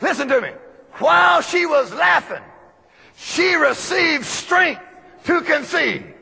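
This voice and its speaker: A middle-aged man delivers a loud, emphatic sermon, laughing often as he drives each point home. His voice sits very high and carries a gravelly rasp. A long reverb from a large hall trails every phrase. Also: big pitch swings, slow. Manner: shouting emphatic preaching, often breaking into laughter. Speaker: preacher.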